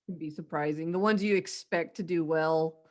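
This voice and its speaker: A woman's voice: low-pitched, normal speed. A woman who is an army veteran, chatting as a podcast guest in a blunt, profane way, laughing often. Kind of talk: casual chat.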